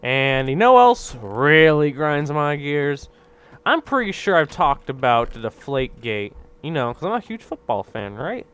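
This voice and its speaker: A man's voice: fairly high pitch, sing-song, measured pace, fairly bright tone, clear, resonant tone. A young man ranting casually while playing a game, rambling, exasperated and constantly asking "right?". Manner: exasperated griping. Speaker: gaming video creator. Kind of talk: casual rant over gameplay commentary.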